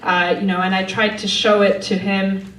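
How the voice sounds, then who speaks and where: A woman's voice: medium pitch, flat delivery, moderate pace, a bit bright, slight background noise. A woman from Poland, telling a true story live on stage in a wry, conversational way, often laughing as she talks. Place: theater stage before an audience. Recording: echoey room, distant mic, faint ambience.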